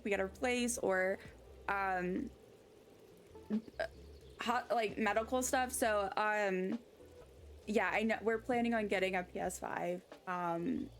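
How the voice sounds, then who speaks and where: Over a faint hiss or hum, a woman with a mid-range voice chats loosely during a game stream. She wanders onto tangents easily and reads her chat's messages aloud before responding.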